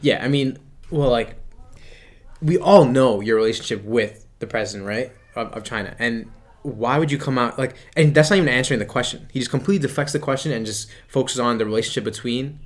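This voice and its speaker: A man co-hosting a casual political commentary show, emphatic and quick to interrupt. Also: mid-range voice. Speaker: podcast co-host.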